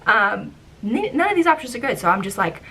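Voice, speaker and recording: Woman, 20s, casual storytelling vlog, bright tense voice, chatty filler words, animated retelling. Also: a little high, a little fast, slightly rough. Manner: animated, acts out her own past reactions; chatty, with frequent "like" and "um". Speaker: former theme park ride guide.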